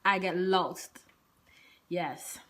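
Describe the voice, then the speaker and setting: A woman vlogger telling a personal story in a casual, rambling way, full of hesitant fillers and soft whispered asides. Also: on the low side, steady tone, drawn-out words.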